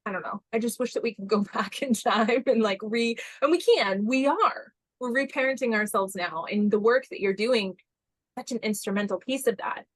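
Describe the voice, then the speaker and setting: A woman in her forties hosting a podcast, talking in a rambling, animated way with quick asides. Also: on the high side, no room sound. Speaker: podcast host. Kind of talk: casual conversational podcast chat.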